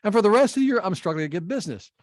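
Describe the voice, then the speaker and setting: Lively storytelling man, dry sound. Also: high-pitched, very fast, no echo. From Chicago, United States. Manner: energetic storyteller, acts out quoted exchanges. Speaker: guest speaker. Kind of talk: animated storytelling interview.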